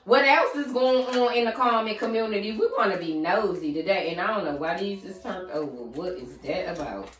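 A woman's voice: medium pitch, animated, a little fast, few pauses, reverberant, distant mic, soft background music. A woman giving a casual tarot reading in a sassy, slangy way, talking straight to the viewer as "girl". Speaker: tarot reader.

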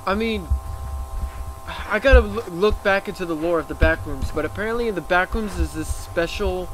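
Jumpy high-voiced man reacting to horror. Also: moderate pace, over music. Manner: jumpy, swearing, exclaiming in fright. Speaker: reaction video host. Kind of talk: casual reaction commentary.

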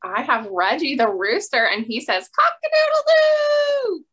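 Gentle chanting female librarian. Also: fairly high pitch, lively intonation, moderate pace, husky, muffled recording. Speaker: children's librarian. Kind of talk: baby storytime with counting songs.

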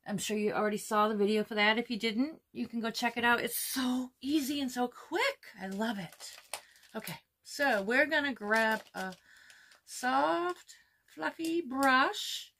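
A woman in her fifties chatting casually through a makeup tutorial at home, gushing over the colors and sometimes dropping to a soft whisper. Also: fairly high pitch, unhurried, a little hiss or hum. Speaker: beauty vlogger.

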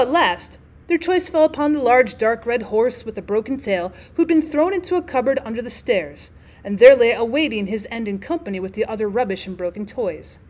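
Teacher lady reading an old short story out loud, expressive, slightly high voice. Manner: expressive reading with stray fillers. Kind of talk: audiobook narration of a classic story.

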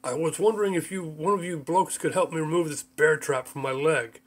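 A man's voice: on the high side, fairly quick, lightly acted. A man voicing a polite male lord in pain in an audiobook, with strained politeness.

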